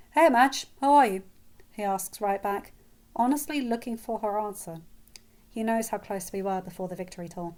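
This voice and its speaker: A woman narrates a first-person story in an even, steady reading voice at a middling pitch. Her quoted lines lift a little livelier than the narration around them. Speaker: fan fiction reader.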